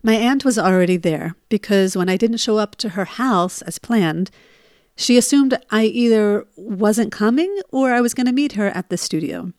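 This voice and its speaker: Woman, 40s, storyteller; emotional, rising bursts, mid pitch. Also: animated, moderate pace, a little mellow, no room sound, studio quality. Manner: emotional, re-lives her panic in rising bursts. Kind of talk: personal storytelling.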